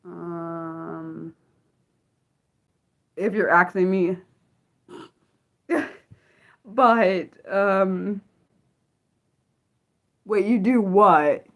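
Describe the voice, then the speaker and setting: A woman's voice: lowish voice, extremely slow, long pauses. A woman hosting an unscripted livestream, rambling casually with many fillers and restarts as she answers her chat. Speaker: livestream host.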